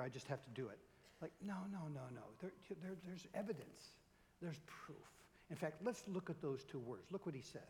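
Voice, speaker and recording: A middle-aged man preaching a sermon as pastor, in an animated, conversational way. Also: a little high, long reverb tail.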